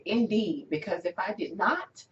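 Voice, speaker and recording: Animated, distant woman telling her story. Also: medium pitch, unhurried. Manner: animated storytelling that rises into excitement. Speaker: guest sharing a testimonial. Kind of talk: casual conversational interview. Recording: distant, dull-sounding recording.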